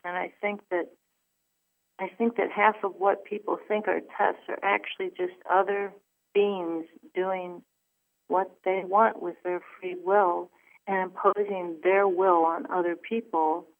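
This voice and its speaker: A woman's voice: lowish voice, level tone, unhurried. A woman guest earnestly telling a personal story on a call, with many restarts and fillers. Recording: phone line.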